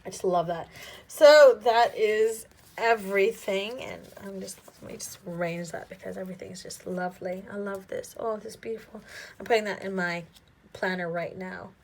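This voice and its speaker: A young adult woman hosting an unboxing vlog, gushing and excitable, often dropping to a soft near-whisper. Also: lowish voice, fairly quick. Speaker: planner vlogger.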